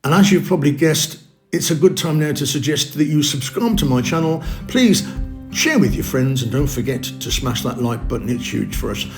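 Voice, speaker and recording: A man's voice: mid-range voice, brisk, faint music behind. A man hosting a cooking video, talking viewers through each step in a chatty, upbeat way. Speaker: cooking channel host. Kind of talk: casual cooking demonstration.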